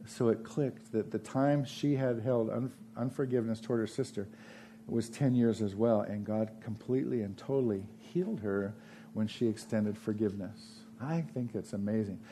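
A man preaching a sermon, retelling a parable with lively acted-out voices. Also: lowish voice, normal speed, a little hiss or hum. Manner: animated storytelling, acts out parable voices. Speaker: pastor.

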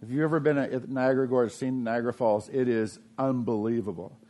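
A middle-aged man preaching a conversational sermon, asking the congregation questions and swinging between raised emphasis and quiet, low asides. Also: fairly quick. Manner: conversational preaching with frequent restarts and rhetorical questions. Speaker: pastor.

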